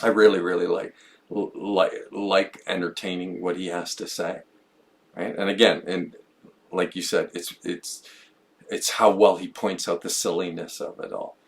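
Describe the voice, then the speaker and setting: A man with a fairly low voice talks through ideas on a podcast. He muses, repeats himself and restarts phrases as he thinks aloud. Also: level tone, moderate pace. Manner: musing, stumbles and repeats words. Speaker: podcast co-host. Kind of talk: reflective conversational podcast talk.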